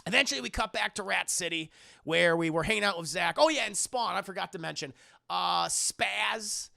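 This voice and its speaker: A man's voice: sits high, moderate pace, vocal fry, pushed and bright. A man streaming a casual film recap, talking in a profane, rambling way.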